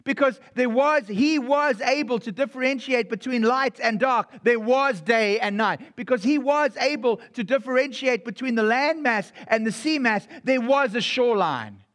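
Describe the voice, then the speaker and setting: Man, high voice, earnest sermon, repeats his phrases. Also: normal speed, hardly any pauses, a bit bright. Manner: earnest, repeats phrases, often asks if he's making sense. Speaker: preacher.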